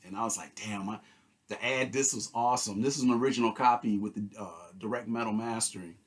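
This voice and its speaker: A middle-aged man casually talking through his record collection haul, relaxed and enthusiastic, rambling with fillers. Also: on the low side. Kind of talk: casual haul video chat.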